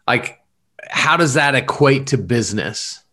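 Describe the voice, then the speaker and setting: Relaxed, enthusiastic male host asking interview questions. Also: medium pitch, measured pace. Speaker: podcast host. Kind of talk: casual interview.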